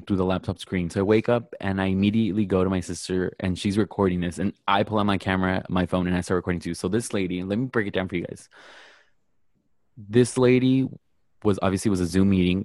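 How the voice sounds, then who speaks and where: A man's voice: low-pitched, fairly quick, no room sound, clean studio sound. A young man co-hosting a casual podcast, telling a story with lots of profanity and acting out the people he quotes. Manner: animated, profane, acts out quotes. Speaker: podcast co-host.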